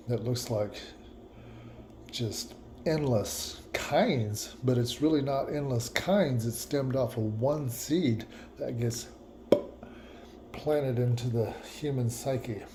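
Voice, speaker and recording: In a reflective personal vlog, a man muses aloud in a mellow, medium-pitched voice, repeating himself and laughing at his own words. There's a faint hiss or hum in the audio.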